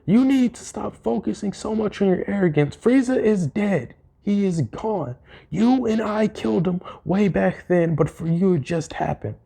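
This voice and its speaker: A man voicing an angry adult male warrior who yells and lectures a proud prince. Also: sits high, lively intonation, normal speed, creaky, husky, pitched above the performer's own voice, heavily acted. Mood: scolding. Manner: yelling, scolding, preachy.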